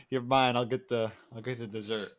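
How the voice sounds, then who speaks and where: A man's voice: mid-range voice, fairly even intonation, unhurried, fairly bright tone. A young man in his twenties or so chats on a podcast with an everyday mid-range voice. He rambles through stories, breaks into laughter, and swears easily. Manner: rambling storyteller, laughs often, swears freely. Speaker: podcast co-host. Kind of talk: casual chat.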